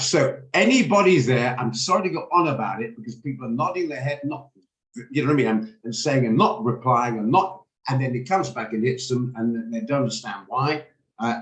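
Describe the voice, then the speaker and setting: Hoarse man teaching trading over video call. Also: medium pitch. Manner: explanatory, repeats and restarts words. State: hoarse, gravelly voice while recovering. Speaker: trading instructor. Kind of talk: live online trading lesson. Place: home room on a video call. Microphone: video call microphone. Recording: echoey room on a video call.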